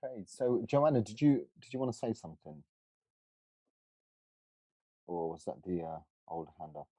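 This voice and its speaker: Low, dark-voiced Cockney man hosting. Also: lively intonation, moderate pace, no room sound. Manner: hesitant, many fillers and restarts. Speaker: discussion co-host. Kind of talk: casual panel discussion.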